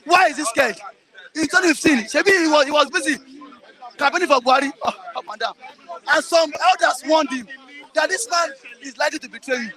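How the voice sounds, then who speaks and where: A Nigerian man arguing politics forcefully, talking over others and repeating himself. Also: extremely high pitch, fairly quick. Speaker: interviewee. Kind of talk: heated political argument.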